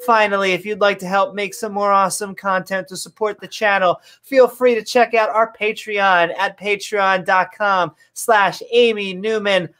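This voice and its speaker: A woman's voice: medium pitch, steady tone, moderate pace, few pauses, fairly bright tone. A woman hosting a livestream who wraps up the show in an upbeat, jokey way. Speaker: livestream host. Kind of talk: livestream sign-off.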